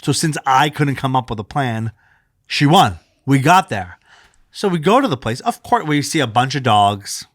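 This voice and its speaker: A man in his thirties tells a story on a podcast, cursing freely and acting out every line of dialogue. His pitch swings high and low as he performs the quotes. The sound is close and dry, with no room around it. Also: moderate pace, no room sound. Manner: animated, swears freely, acts out quotes. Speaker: podcast co-host. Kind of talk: casual storytelling chat.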